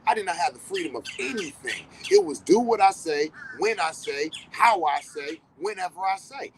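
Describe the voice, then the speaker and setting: Poor audio with a little hiss or hum carries the high-pitched voice of a middle-aged man hosting a podcast at a normal pace. He delivers a casual, blunt, profane monologue, pounding his points through repetition, and animates his stories by quoting what people said.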